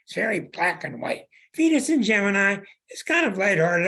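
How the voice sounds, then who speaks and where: A man's voice: high-pitched, big pitch swings, normal speed, hardly any pauses, fairly bright tone. A man hosting an astrology show, reading a caller's chart in an emphatic, plain-spoken way and repeating his points. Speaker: astrologer host.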